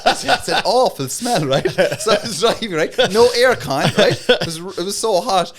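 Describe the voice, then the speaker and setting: A man's voice: high voice, normal speed. An Irish comedian telling wild stories in casual chat, acting out the people in them and laughing as he goes. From Ireland. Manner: animated, acts out dialogue, laughs while telling. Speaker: comedian guest. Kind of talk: casual storytelling.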